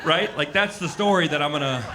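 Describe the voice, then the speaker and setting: A man in his forties does stand-up at a comedy club, chatting loosely with the live audience and scattering "likes" and tangents throughout. His voice is fairly high and a little fast, and a crowd can be heard in the background.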